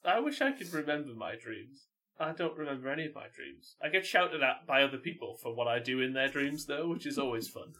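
A man's voice: mid-range voice, very animated, brisk, bright, forceful tone. A young man, a podcast co-host chatting casually and laughing through his stories. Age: young adult. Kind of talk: casual chat.

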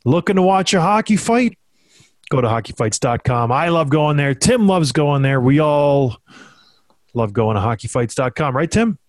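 A man's voice: on the high side, expressive, moderate pace, no room sound. A man hosting a casual podcast, a former hockey player who talks in a joking, self-deprecating way.

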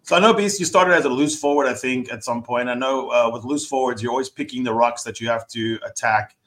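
A man of average pitch hosts a casual podcast interview. He asks long, loosely built questions, full of fillers and asides. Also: fairly quick, fairly bright tone. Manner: chatty, rambling questions with fillers. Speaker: podcast host.

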